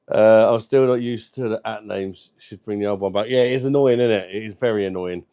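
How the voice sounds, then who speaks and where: A man's voice: fairly low pitch, normal speed, mellow. A man hosting a casual livestream, reading out viewer comments and bantering cheekily. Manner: cheeky, banters and swears freely. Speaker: beer review livestream host.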